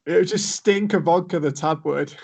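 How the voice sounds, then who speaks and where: A man's voice: on the high side, moderate pace, vocal fry, darkish tone. A man hosting a podcast in casual chat, chiming in with short replies while his guest talks. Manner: short back-channel replies and laughter. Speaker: podcast host. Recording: dull lo-fi podcast audio.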